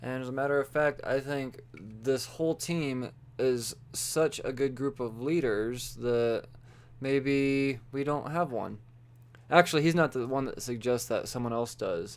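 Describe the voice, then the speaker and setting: Man, young adult, solo podcast host, smooth clear voice, loose profane rambling, slightly tipsy. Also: mid-range voice, a little mellow. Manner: loose and profane, quoting characters in offhand voices. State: tipsy from beer. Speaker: podcast host reviewing comics. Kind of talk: casual solo podcast chat.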